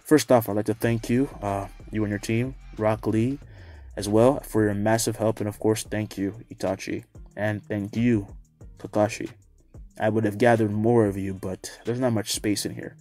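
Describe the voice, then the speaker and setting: A man's voice: on the low side, fairly even intonation, moderate pace, warm tone, soft background music, natural voice. Long-winded feudal lord, read by a man. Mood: formal. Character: pompous male feudal lord, fussy and formal.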